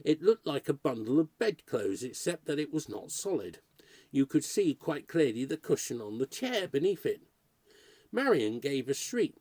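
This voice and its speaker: A man reading a short story aloud as narrator, in a lively, expressive storytelling manner. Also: fairly high pitch, normal speed, no room sound.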